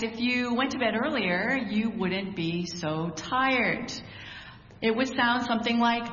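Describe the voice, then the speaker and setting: A woman's voice: on the high side, takes it slowly, fairly bright tone. A woman preacher giving a conversational sermon, opening with a prayer and asking rhetorical questions. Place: church hall. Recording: echoey hall, dull sound.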